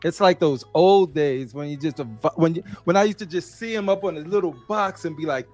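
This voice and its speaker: Male panel guest, high and energetic, casual slangy talk with faint music underneath. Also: brisk, few pauses. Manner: animated storyteller, slangy. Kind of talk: casual chat.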